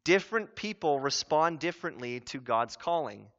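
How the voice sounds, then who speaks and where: A man preaching a sermon as pastor, earnest and conversational, with animated asides. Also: fairly high pitch, moderate pace. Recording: dull lo-fi sound.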